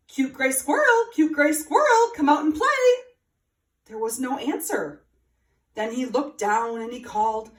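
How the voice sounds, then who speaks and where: Expressive woman reading a children's story. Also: sits high, recorded from a distance. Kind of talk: children's story read aloud. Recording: roomy, from afar.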